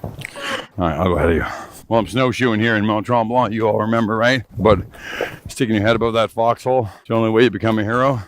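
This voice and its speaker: A man's voice: fairly low pitch, fast. A middle-aged man, slightly out of breath, chatting in a boisterous, joking, profane way while snowshoeing along a snowy outdoor trail. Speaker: podcast host and company boss. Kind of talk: casual chat while hiking.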